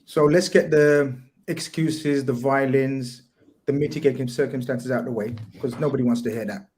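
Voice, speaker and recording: A man's voice: mid-range voice, fairly even intonation, normal speed, a little mellow. A man with a London accent ranting and teasing his friends in a casual football chat on a podcast.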